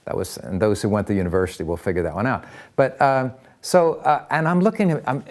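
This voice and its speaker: An older man telling personal stories in an interview, animated, acting out voices and often repeating words as he talks. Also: medium pitch, brisk. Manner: lively, acts out voices in anecdotes, repeats words. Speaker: interviewee, counselor.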